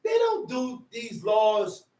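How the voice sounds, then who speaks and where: A man preaching in a high, strained voice, shouting his points and repeating them for the gathering. He keeps prodding the room for answers. The voice bounces around an echoey room, caught from well back from the mic. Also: takes it slowly, recorded from a distance. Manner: shouting and animated, repeats phrases, prods the room with "huh?". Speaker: teacher at a religious assembly. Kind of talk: impassioned scripture teaching.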